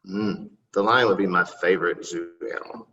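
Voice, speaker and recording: Distant folksy man, lowish voice. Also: steady tone, moderate pace, sharp tone. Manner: rambling, folksy, polite with "yes, ma'am". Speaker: city council candidate. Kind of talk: casual interview answers. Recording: distant, muffled recording.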